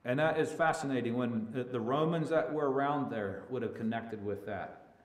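A male preacher giving a sermon who swells from hushed to loud and stretches key words. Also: mid-range voice, normal speed. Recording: echoey room with faint ambience.

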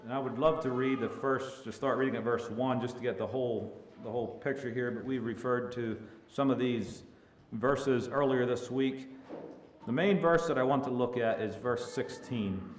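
A male preacher giving a sermon who swells from hushed to loud and stretches key words. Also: medium pitch, normal speed. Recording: echoey room with faint ambience.

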